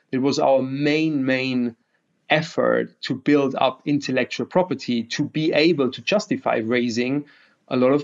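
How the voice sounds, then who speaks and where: A man, a guest investor, talking with energetic optimism and slightly non-native phrasing, heard over a video call. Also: medium pitch, vocal fry. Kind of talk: enthusiastic interview talk. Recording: dull lo-fi remote audio.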